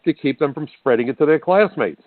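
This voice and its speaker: A man's voice: on the high side, lively intonation, brisk, dry recording. An older man from the United States, hosting a talk radio show and delivering an emphatic, indignant monologue straight to the listeners. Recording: dry, phone-like narrow band.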